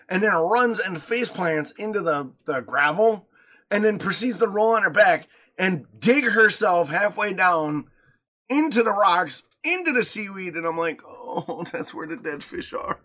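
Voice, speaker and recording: A man co-hosting a podcast, chatting and telling stories with lots of jokes and swearing. His voice sits high and bright. It leaps around with lively energy. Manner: animated, joking, profane. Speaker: podcast co-host. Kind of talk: casual chat, storytelling.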